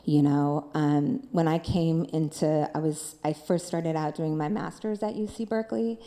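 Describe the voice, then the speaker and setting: Low-voiced reflective woman on a panel. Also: steady tone, dark tone. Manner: reflective, halting, thinks aloud with many fillers. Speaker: panelist and dance scholar. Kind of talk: panel discussion.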